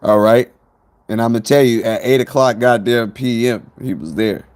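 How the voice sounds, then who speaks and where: A man's voice: medium pitch, moderate pace, a little mellow. A man telling a rambling, profane story to viewers on his phone stream.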